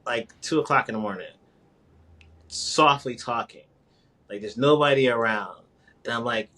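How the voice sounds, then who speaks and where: A man from New York talking in a casual, rambling conversation, with halting restarts and quick laughs. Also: medium pitch, bright, forceful tone. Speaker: guest.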